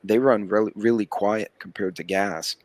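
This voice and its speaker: A man's voice: fairly low pitch, fairly even intonation, unhurried, a little mellow, slight background noise. A man chatting casually on a livestream panel, explaining at length in a laid-back, rambling way. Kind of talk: casual chat.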